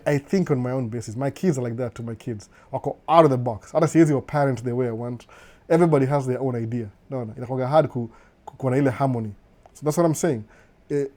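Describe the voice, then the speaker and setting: This dark-toned, mid-range voice belongs to a middle-aged Kenyan man hosting an easygoing live stream. He goes through viewer comments, mixes Swahili with English, and keeps chuckling and saying "no, no."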